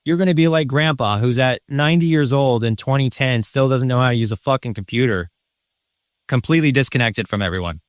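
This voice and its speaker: Brief: male host, combative sarcastic rant, swears a lot, dry close mic, mid-range pitch. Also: brisk, no echo. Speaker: channel host. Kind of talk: ranting monologue.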